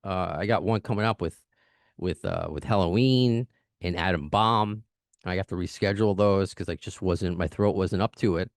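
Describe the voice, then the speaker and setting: A man hosting a podcast, talking fast and chatty, laughing now and then, his voice still mending after an illness. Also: sits low, no room sound, clean studio sound. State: recovering from lost voice. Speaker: podcast host. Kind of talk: casual podcast chat.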